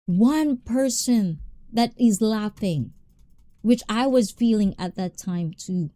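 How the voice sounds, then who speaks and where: A woman hosting a live stream, chatting with viewers in an animated, passionate way and switching between English and Tagalog. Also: medium pitch, takes it slowly, no echo. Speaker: livestream host.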